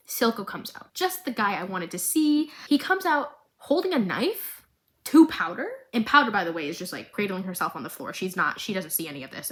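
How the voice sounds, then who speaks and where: A young woman talks straight to her viewers in a casual vlog recap, her voice pitched in an ordinary middle range. She retells each scene dramatically and expressively, and keeps breaking off with chatty asides to the audience. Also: fairly bright tone, low-quality recording. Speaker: video creator recapping a series.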